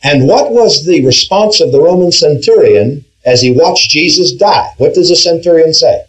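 A man leads a Bible study class in a fairly high voice that rises and falls with lively movement. He keeps putting questions to his listeners and leans hard on key words, often restarting a phrase and checking in with "all right". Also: moderate pace, poor audio. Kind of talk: interactive Bible class teaching.

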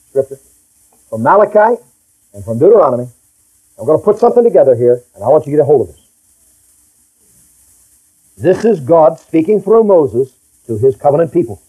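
A man's voice: fairly high pitch, sing-song, fairly quick, long pauses, mellow, husky, poor audio. A middle-aged male pastor preaching a folksy, emphatic sermon and reading scripture aloud.

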